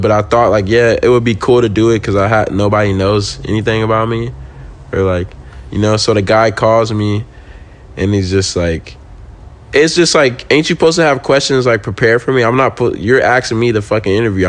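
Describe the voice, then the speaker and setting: A young man, a pro skateboarder and podcast guest, telling a casual story with lots of swearing and acting out what he said back then. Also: on the low side. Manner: animated, profane, acts out his own quoted lines.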